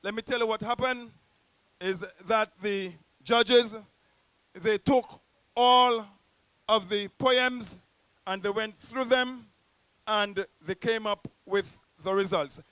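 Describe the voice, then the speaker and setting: A man's voice: sits high, takes it slowly, fairly bright tone, clean tone, dry recording. A man with a Nevisian accent hosting a poetry event in a public square, rousing the crowd like a theatrical announcer. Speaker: host. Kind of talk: live event emcee.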